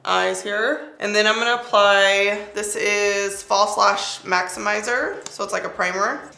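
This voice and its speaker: A woman's voice: mid-range voice, fairly even intonation, a little slow, gravelly, few pauses, sharp tone. A young woman doing a chatty makeup tutorial, talking playfully through each step as she works. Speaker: beauty vlogger. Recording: roomy echo, faint music.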